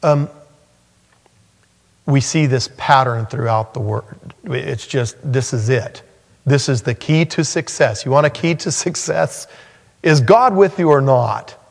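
A male pastor preaching a sermon, earnest and animated, his voice climbing high when he acts out the scripture. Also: unhurried, creaky. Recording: long hall reverb.

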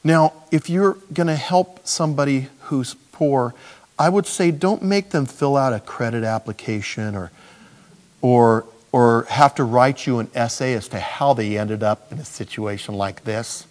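A man preaching as a pastor, telling personal stories in an animated way. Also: medium pitch, a little slow. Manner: animated storyteller. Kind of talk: sermon with personal storytelling.

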